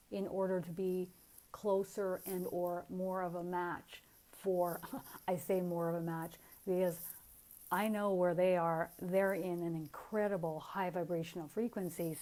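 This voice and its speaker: Woman spiritual teacher, low-pitched and warm, calm and earnest, encouraging in tone.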